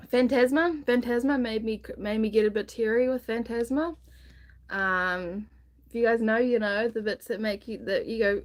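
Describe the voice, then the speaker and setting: Chatty woman with a higher voice. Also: normal speed. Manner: chatty and rambling, with many restarts and fillers; gushing enthusiasm about a book. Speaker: book streamer. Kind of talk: casual live book chat.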